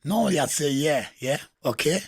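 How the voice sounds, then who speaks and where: A man's voice: fairly high pitch, expressive, moderate pace, creaky, husky, no room sound, clean studio sound. A middle-aged man with a Geordie accent, telling crude stories in a casual interview, swearing and laughing often. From England. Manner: swearing, laughing storyteller with street slang. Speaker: guest.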